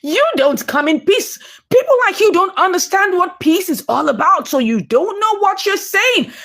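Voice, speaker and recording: Lady playing a proud angry mom telling someone off, high voice. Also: sing-song, normal speed, fairly bright tone, exaggerated voice. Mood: scornful. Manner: scornful, confrontational. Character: indignant proud mother, scornful.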